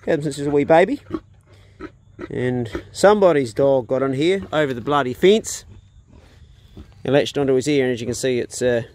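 A man's voice: medium pitch, animated, normal speed, pauses often, a little mellow. A man with a New Zealand accent chatting casually as he films outdoors on a rural property with a handheld phone. He is laid-back and slangy and now and then talks to animals in a playful voice. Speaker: outdoor food vlogger. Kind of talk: casual chat.

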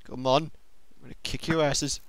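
A young man giving excitable let's-play commentary on a game, talking to himself and to the monsters. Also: mid-range voice, normal speed, vocal fry. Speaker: gaming video host.

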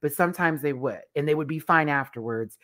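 A woman in her thirties hosting a live stream, telling stories in a loud, animated, profane way and laughing often. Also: deep voice, brisk. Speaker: show host reviewing a TV competition. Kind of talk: casual live stream chat.

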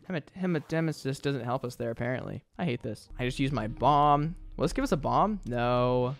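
A man streaming a video game, giving casual running commentary, often exasperated and mocking himself. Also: a little high. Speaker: gaming streamer. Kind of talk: casual let's-play commentary.

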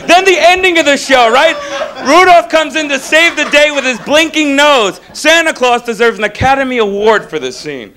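A man from Florida doing a stand-up comedy set on stage, animated and breaking into shouted impressions, with a live crowd laughing. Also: very high-pitched, normal speed. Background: audience laughter.

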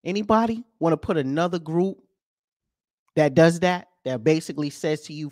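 A man's voice: a little high, expressive, brisk, no room sound, studio quality. Profane ranting podcast host man. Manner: profane, rhetorical questions, swings loud and soft. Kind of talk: ranting commentary over clips.

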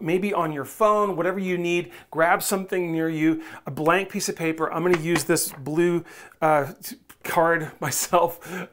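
A pastor preaching a sermon in a relaxed, conversational way, coaxing listeners and acting out the voices they might hear in their heads. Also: mid-range voice. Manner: conversational, coaxing, asks the audience directly; acts out quoted inner voices.

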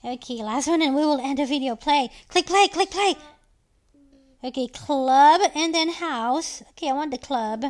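A woman in her thirties playing a video game with her child, giving animated, exclamation-filled commentary. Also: high-pitched, moderate pace. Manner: animated, frequently exclaiming and calling for help. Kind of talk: excited gameplay commentary.

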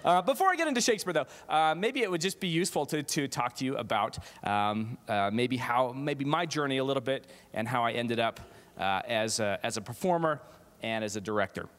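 A man's voice: mid-range voice, expressive, brisk, a bit bright. A middle-aged man giving a humorous keynote as a theater professor, self-deprecating, with many fillers and restarts. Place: large auditorium. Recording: echoey hall reverb.

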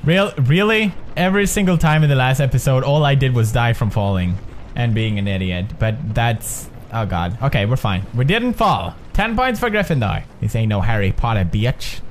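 A man's voice: medium pitch, moderate pace, a little hiss or hum. A young man with a Swedish accent commentating on a video game as he plays, joking, swearing, muttering to himself and yelping when things go wrong. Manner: excitable, jokey, swings from mutters to yelps. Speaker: gaming video host.

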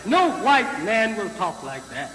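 High-pitched man preaching slowly in an echoey hall. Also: very animated, pushed and bright. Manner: slow, emphatic, repeated rhetorical questions to the crowd; halting with frequent fillers and restarts. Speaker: religious leader addressing a crowd. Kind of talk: preaching speech to a live audience. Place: large hall with an audience. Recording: echoey hall, noisy 1950s archive recording.

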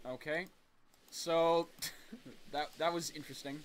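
A man's voice: on the high side, animated, unhurried, fairly bright tone, slight background noise. Joking man narrating a game. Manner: joking, self-mocking asides. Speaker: let's play host. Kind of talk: gameplay commentary. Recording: game music behind voice.

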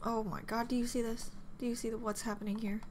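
A woman's voice: on the high side, little pitch movement, fast, a little hiss or hum. A young woman reacting as a fan, gushing, gasping and squealing, often repeating herself. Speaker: K-pop reaction vlogger. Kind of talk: excited fan reaction commentary.

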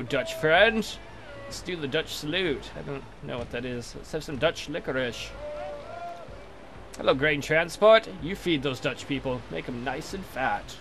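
A man's voice: medium pitch, vocal fry, background noise. A young man casually commentating as he plays a game, crude and joking, trash-talking the enemy ships. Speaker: let's play commentator.

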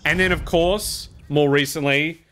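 A man streaming a roleplay game, chatting casually with viewers, animated and laughing often as he thanks them. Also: a little high, a little slow, a little hiss or hum.

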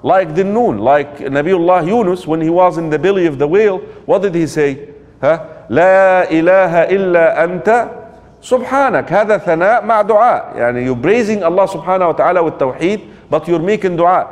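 A man's voice: on the high side, fast talker, darkish tone. A man giving a religious lecture in a storytelling way, asking the audience rhetorical questions and mixing in quoted Arabic phrases. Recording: long hall reverb.

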